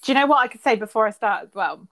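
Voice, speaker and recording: A woman's voice: on the high side, animated, rapid-fire, fairly bright tone. Rambling self-deprecating English woman. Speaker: podcast co-host. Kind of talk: casual chat. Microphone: remote call.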